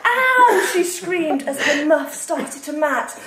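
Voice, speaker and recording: Woman author reading her funny book to a room, high voice, kinda far from the mic, echoey, people laughing. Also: slow pace, over a noisy crowd. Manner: lively, amused storytelling. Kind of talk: live reading of comic fiction. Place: literary salon with a live audience.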